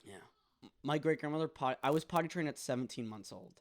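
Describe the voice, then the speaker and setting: A man's voice: mid-range voice, expressive, a little fast. Rambling young man telling a story. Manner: rambling storyteller, many ums and likes. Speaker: podcast co-host. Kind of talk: casual chat.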